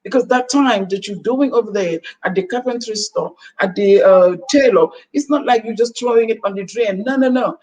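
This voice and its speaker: A Gambian talk-show panelist, her voice on the high side and a touch mellow, speaks at normal speed with few pauses. She gives earnest, preachy advice in motivational chat and acts out quoted exchanges, recorded from afar with faint noise.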